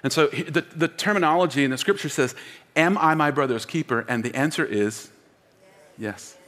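At normal speed, a man with a slightly high, fairly bright voice preaches as pastor, emphatic and leading his congregation in call-and-response. He's miked in a church auditorium, and long hall reverb fills the recording.

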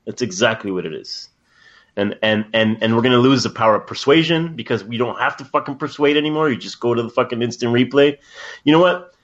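A man's voice: mid-range voice, expressive, fast talker, muffled recording. A man in casual podcast chat, blunt and emphatic, swearing as he agrees.

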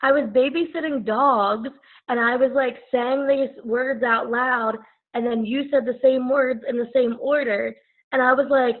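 A woman's voice: high voice, fairly even intonation, unhurried. A young woman guest in casual chat, enthusiastic and agreeable, with many fillers, heard over a call line. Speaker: podcast guest. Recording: tinny phone-like call audio.

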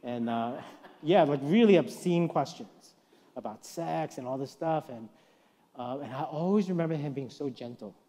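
A middle-aged man preaches in a church, his voice a little high for a man. He tells personal stories, acts out the people he quotes, and swings between hushed and loud. A long reverb from the hall hangs on every line. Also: expressive, normal speed. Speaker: guest preacher. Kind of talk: sermon.

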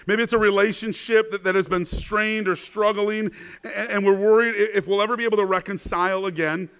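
A man preaching a sermon as a pastor, asking rhetorical questions, often adding "right?", and swinging between hushed and louder passages. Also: sits high, steady tone, fairly quick, smooth. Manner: rhetorical questions, frequent "right?", stammered repeats.

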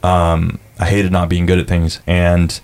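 A young man with a low voice talks casually as a podcast guest. He tells stories in a relaxed, rambling way, calls people dude, swears freely, and acts out what others said. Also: a little slow, smooth. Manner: laid-back storyteller, says dude a lot, swears, acts out quotes. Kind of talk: casual chat.

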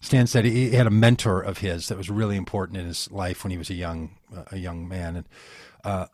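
A man's voice: deep voice, steady tone, brisk, darkish tone, no room sound, clean studio sound. A man, a pastor and interview guest, talking in a rambling, folksy, self-interrupting way. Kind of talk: casual conversation.

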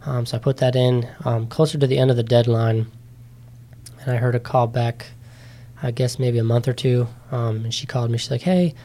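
A nineteen-year-old man in a casual interview, telling his story with many ums and likes and lively quoted voices. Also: medium pitch, brisk. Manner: chatty, animated when quoting others, many ums and likes. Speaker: interview guest, competitor.

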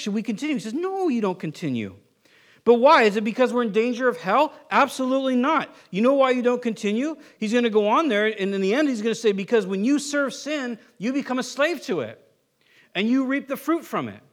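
A male pastor with a notably high voice preaches in a lively, conversational way. He throws in asides and asks his listeners questions. At times he drops to a quiet, earnest tone. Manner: conversational, animated preaching with asides and acted quotes. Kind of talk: sermon.

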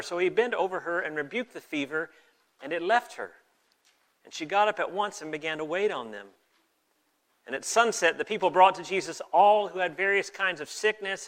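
A man preaching to his congregation in an easy, conversational way, with folksy asides. His voice sits a little high and sounds bright and forward. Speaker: pastor. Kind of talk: sermon with scripture reading.

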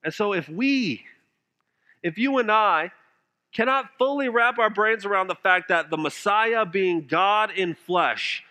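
A man preaching with a high, bright, ringing voice. He presses earnest rhetorical questions at his listeners. His volume swings from strong emphasis down to near-hushed tones. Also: measured pace. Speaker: pastor. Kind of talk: sermon.

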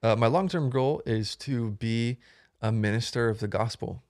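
A man's voice: mid-range voice, normal speed, a little mellow, no echo, clean studio sound. A young man, a guest on a podcast, talking casually and rambling with many ums and restarts. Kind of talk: casual conversation.

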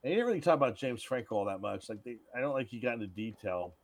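A man's voice: mid-range voice, animated, rapid-fire. A man co-hosting a podcast, rambling crudely about a film and retelling its scenes. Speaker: podcast co-host. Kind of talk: casual film chat.

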